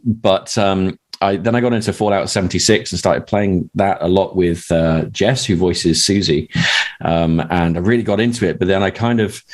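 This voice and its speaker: A man, the script's writer, talking casually on a podcast in a halting way with lots of restarts. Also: fairly low pitch, darkish tone.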